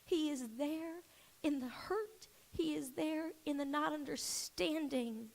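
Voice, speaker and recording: A woman pastor preaches an emphatic sermon, swelling to loud declarations and then sinking into soft, almost whispered prayer. Her voice is high-pitched and slow, with vocal fry.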